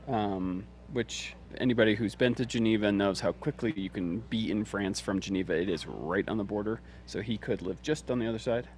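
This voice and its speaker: A man's voice: on the low side, a little fast, hardly any pauses, a little hiss or hum. A man commentating live on a mountain ultramarathon livestream, easygoing with a dry sense of humor.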